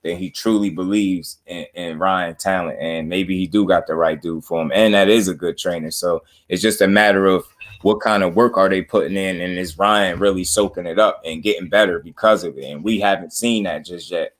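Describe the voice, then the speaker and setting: Low-voiced man giving boxing opinions. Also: steady tone, moderate pace. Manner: casual slangy, opinionated. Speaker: boxing show host. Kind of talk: casual panel chat.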